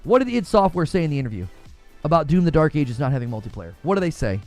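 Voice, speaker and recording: A slightly high, sing-song male voice moves quickly, its tone a little mellow, with faint music in the background. He runs a gaming news livestream, preaching his views with fiery emphasis and reading viewer comments out loud.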